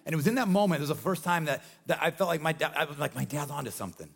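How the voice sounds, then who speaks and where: A man in his forties preaching a sermon as pastor, energetic and emphatic with repeated refrains. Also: fairly high pitch, rapid-fire. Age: 40s.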